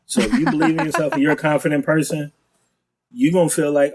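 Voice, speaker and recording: A man's voice: on the high side, crowd noise, rough recording. A man, a guest comedian, talking casually on a podcast, telling stories with lots of restarts and acted-out quotes. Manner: animated storyteller, quick restarts, acts out quotes.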